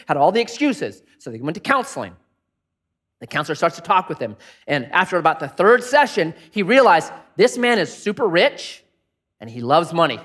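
A man's voice: a little high, big pitch swings, normal speed, fairly bright tone. A man preaching a sermon in a conversational way, asking many rhetorical questions and acting out angry inner voices. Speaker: pastor.

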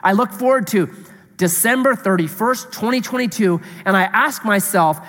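A man preaching a sermon as pastor, animated and full of rhetorical questions to the congregation. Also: sits high, moderate pace, long reverb tail.

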